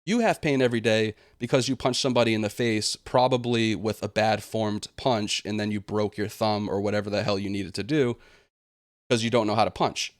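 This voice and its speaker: A man's voice: fairly low pitch, steady tone, brisk, no echo, studio quality. A young man venting in a vlog monologue, aggrieved and indignant, slipping into sarcastic mocking quotes. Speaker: gaming channel host.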